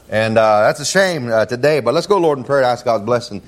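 A man's voice: animated, brisk, few pauses. Folksy preacher man, fillers and amens. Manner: folksy, peppered with "man" and "amen", rising in pitch when reading scripture. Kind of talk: sermon.

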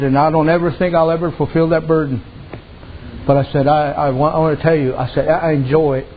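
A man's voice: a little high, husky. A man preaching a sermon in a folksy storytelling way, often adding "amen" and "I said". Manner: folksy, repeats "amen" and "I said", uses dialect. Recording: dull lo-fi sound.

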